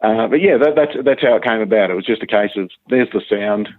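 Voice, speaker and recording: A male guitarist chatting in an interview, halting, with many restarts and fillers. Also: on the low side, lively intonation, no room sound. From Australia. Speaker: guitarist guest. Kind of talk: casual interview chat. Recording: tinny phone-like line.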